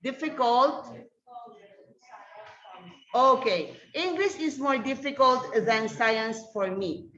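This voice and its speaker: A woman's voice: high-pitched, lively intonation, takes it slowly, pauses often, fairly bright tone. A woman teaching an online grammar lesson, patiently calling on students by name over a video call. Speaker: English teacher. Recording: echoey, dull lo-fi room sound.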